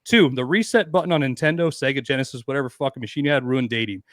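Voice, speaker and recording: Crude, animated man telling stories, dry sound. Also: mid-range voice, fast talker, no echo. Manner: crude, animated storyteller acting out voices. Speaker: podcast guest. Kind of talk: casual storytelling chat.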